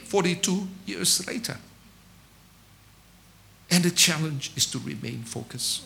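Lively, gravelly-voiced male preacher. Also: sits high. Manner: animated storytelling with rhetorical questions; repeats words when restarting. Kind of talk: sermon.

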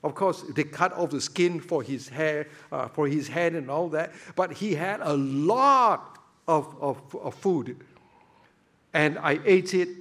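A man's voice: high voice, fairly bright tone. A man preaching a sermon, emphatic, full of rhetorical questions and repeated words.

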